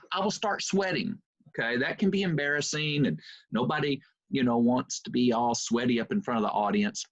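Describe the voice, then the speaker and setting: A man giving a lecture on a video call, telling stories in an animated, conversational way with many fillers. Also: mid-range voice, brisk, no room sound. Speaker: university lecturer. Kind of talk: storytelling lecture. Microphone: computer mic on video call. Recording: muffled Zoom audio.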